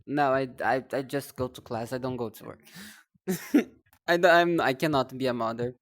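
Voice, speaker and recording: A woman's voice: extremely low pitch, normal speed. A young woman streaming live, chatting casually in a rambling, self-deprecating way, often stumbling over and repeating her words.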